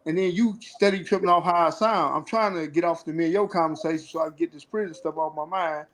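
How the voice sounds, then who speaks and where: A man's voice: a little high, steady tone, normal speed, rough recording. A man speaking candidly on a panel, earnestly explaining how he felt on prison phone calls. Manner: earnest, acts out phone talk. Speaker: formerly incarcerated panel guest.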